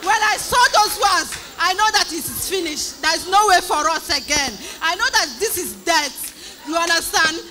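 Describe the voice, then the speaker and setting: A woman with a Nigerian accent giving an emotional testimony in church, animated, repeating phrases, often crying out and laughing. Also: extremely high pitch, normal speed, a little hiss or hum.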